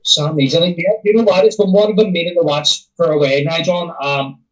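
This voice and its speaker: A man co-hosting a film podcast, talking in a relaxed, meandering way. His voice sits high and sounds a little distant from the microphone. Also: brisk. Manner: relaxed, meandering, many fillers. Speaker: podcast co-host. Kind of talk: casual film chat.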